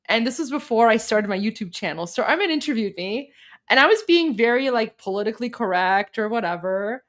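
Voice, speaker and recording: Woman, from Iran, stream co-host, rambling casual talk, slightly high voice. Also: lively intonation, brisk, fairly bright tone. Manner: chatty, many fillers and restarts. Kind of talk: casual live-stream chat.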